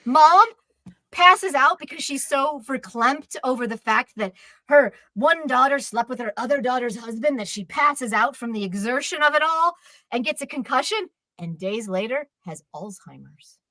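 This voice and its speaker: Woman co-host going off on a rant, bright voice, lots of ups and downs. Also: high-pitched, moderate pace, no room sound. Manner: animated ranting, exasperated. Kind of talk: live stream chat about TV dramas.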